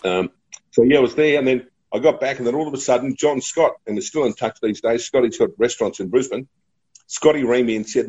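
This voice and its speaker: A man's voice: medium pitch, expressive, fairly quick, warm tone, husky, highs cut off. A middle-aged man with an Australian accent, a radio broadcaster telling chatty, laughing anecdotes in a casual interview. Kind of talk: casual storytelling.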